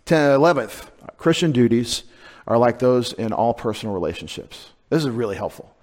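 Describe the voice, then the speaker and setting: A man's voice: mid-range voice, normal speed, a little mellow. A male pastor, preaching a conversational sermon with joking asides to his congregation.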